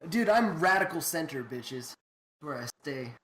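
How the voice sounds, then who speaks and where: A man's voice: fairly high pitch, expressive, a little slow, a bit bright. A man from New Mexico co-hosting a podcast in casual, profane chat, laughing often. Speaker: podcast co-host.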